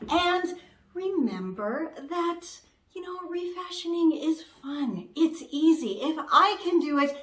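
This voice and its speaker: A woman's voice: very high voice, animated, slow, a bit bright, reverberant. A woman hosting a DIY clothing refashion vlog, gushing enthusiastically about her finished project. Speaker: DIY refashion vlogger and host. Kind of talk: upbeat craft vlog.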